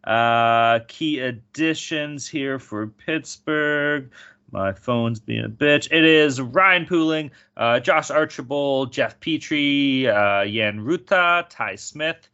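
A man hosting a casual sports betting talk, goofy and playful, reading out odds quickly. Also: medium pitch, bright, forceful tone, clear, resonant tone, dull audio. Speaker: podcast host. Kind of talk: casual chat.

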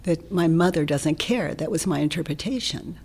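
A woman guest in an interview, explaining her ideas in a gentle, reflective way that often drops into a soft whisper. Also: low-pitched, moderate pace, gravelly, breathy edge. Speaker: interview guest, self-inquiry teacher.

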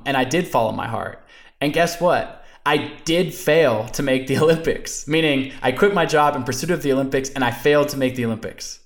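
Earnest, animated male storyteller. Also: medium pitch. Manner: earnest, animated storyteller with frequent "you know" and "like". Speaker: podcast guest. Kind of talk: conversational storytelling interview.

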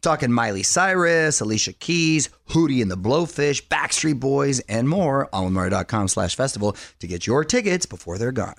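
A man's voice: mid-range voice, normal speed, vocal fry, few pauses. A man hosting a radio show, chatting upbeat and playful with his co-hosts. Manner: lively, playful, jokey impressions.

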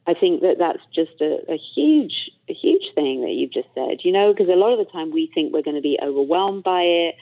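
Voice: mid-range voice, animated, moderate pace, few pauses. A host reflecting back on a guest's story, searching for words with many "you know"s. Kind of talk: reflective podcast conversation. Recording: dull lo-fi recording.

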